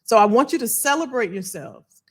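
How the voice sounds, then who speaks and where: With a fairly high, slightly rough voice at normal speed, a woman hosts a motivational live stream where she reads viewer comments and rallies people. Her style is animated, preachy and encouraging, full of repeated phrases.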